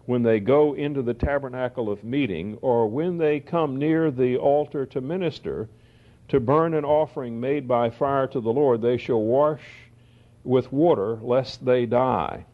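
A mid-pitched man teaches the Bible verse by verse. He lingers over scripture and then moves quickly through plain asides. The recording is dull and lo-fi.

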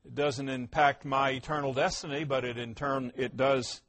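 A man preaching a sermon, posing rhetorical questions and answering them emphatically, his voice rising loud and dropping quiet. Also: mid-range voice, steady tone, normal speed. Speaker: pastor.

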